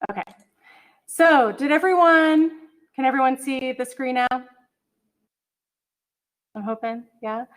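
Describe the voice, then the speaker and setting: Woman teacher on a video call, fairly high voice, chatty, says sorry a lot, hums while clicking around. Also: slow pace, pauses often, fairly bright tone. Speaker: college English instructor. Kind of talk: online class walkthrough. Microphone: computer mic on a video call.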